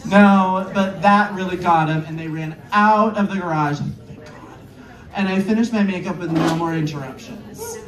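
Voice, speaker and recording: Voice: mid-range voice, moderate pace, recorded from a distance. A queer performer doing a stand-up comedy set before a live audience, playful and chatty, riffing with the crowd. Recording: roomy live venue, mic from afar, crowd noise. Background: audience laughing and clapping.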